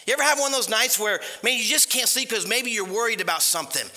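A man preaching a sermon in an animated, conversational way, asking his listeners questions. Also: very high-pitched, fast. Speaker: pastor.

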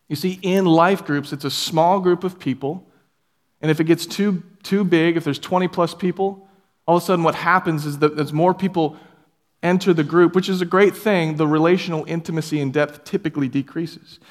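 A man's voice: a little high, long reverb tail. A man preaching a sermon as pastor, earnest and conversational, building up to emphatic passages. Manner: earnest, rising to emphatic peaks. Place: church sanctuary.

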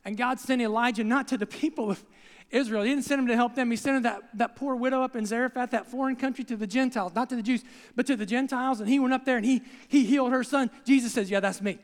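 Older male pastor, very high for a man, animated sermon storyteller, long hall reverb. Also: quick pace. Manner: animated storytelling, voicing the crowd in quotes.

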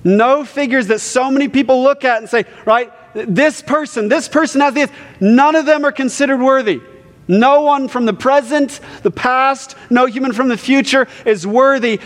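Male preacher, high voice, chatty sermon style, long hall reverb. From Ohio, US Midwest. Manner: conversational preacher, often adds "right?". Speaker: pastor.

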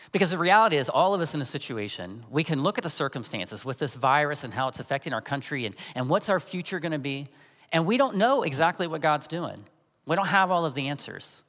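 A man's voice: on the high side, fairly bright tone, big-room sound. A man in his forties preaching a sermon as a pastor, talking in a conversational, storytelling way.

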